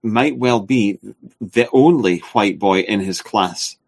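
Fairly low-voiced guy, halting talk, lots of uhs and restarts in a casual discussion. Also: breathy edge. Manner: halting, with many filler sounds and restarts.

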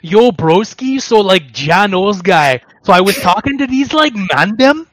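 A man's voice: sits high, big pitch swings, measured pace, a bit bright, no echo, pitched above the performer's own voice, full character voice. A man imitating a slangy young Toronto street guy with a Toronto accent, in a mocking tone.

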